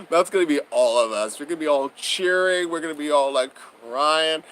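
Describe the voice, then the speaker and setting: A man's voice: a little high, measured pace, a bit bright, low-quality recording. A young man hosting a casual livestream, chatting with viewers in a bubbly, gushing way and laughing often. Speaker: livestream host.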